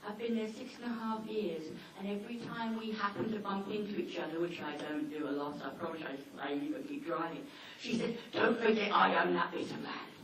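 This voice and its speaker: A woman talking informally to a seminar audience about dogs, chatty and anecdotal, slipping into quick acted-out asides. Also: mid-range voice, steady tone, crowd noise. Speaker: dog behaviour trainer giving a seminar. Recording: echoey hall, mic far off, faint noise.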